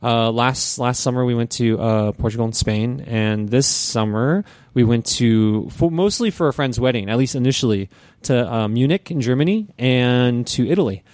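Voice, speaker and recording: A man's voice: medium pitch, normal speed, no echo. A man co-hosting a casual podcast, telling a long story with lots of swearing and acting out other people's voices. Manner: lively, profane, animated storyteller who acts out voices. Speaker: podcast co-host.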